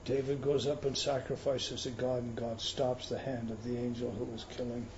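A man preaching a sermon in an emphatic teaching manner, swinging between loud stresses and quiet intensity. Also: medium pitch, little pitch movement, normal speed, lo-fi sound, a little hiss or hum.

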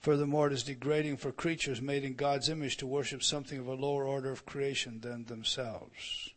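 A man preaching a sermon, restarting his words and asking the audience questions, rising to loud, emphatic proclamation. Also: mid-range voice, fairly even intonation, fairly quick.

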